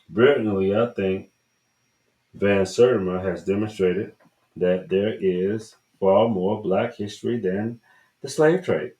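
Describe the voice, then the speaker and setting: A man's voice: fairly low pitch, a little mellow, poor audio. A man with a Southern US accent hosting a podcast, giving a casual book review in a rambling, emphatic way and swearing freely. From Southern United States. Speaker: podcast host.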